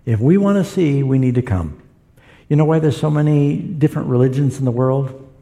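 Gravelly-voiced man preaching a sermon. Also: medium pitch, expressive, fairly quick, warm tone. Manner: storytelling, acts out quoted voices.

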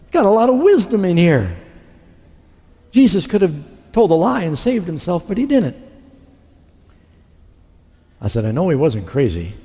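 A man's voice: high-pitched, sing-song, normal speed, long pauses, mellow, breathy edge. A middle-aged man preaching a sermon, telling his conversion story and acting out his past dialogue. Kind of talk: sermon testimony. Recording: long hall reverb.

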